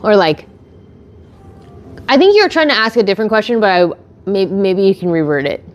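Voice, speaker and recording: A young woman streamer chatting casually with her chat and telling an animated story, full of laughter and filler words. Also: medium pitch, moderate pace, muffled recording. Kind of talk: casual chat answering chat questions.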